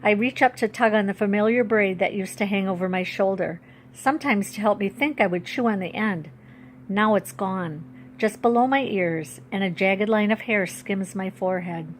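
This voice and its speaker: A woman's voice: mid-range voice, a little hiss or hum. Woman author reading her storybook aloud. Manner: expressive storytelling, rising and slowing for emphasis. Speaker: children's book author.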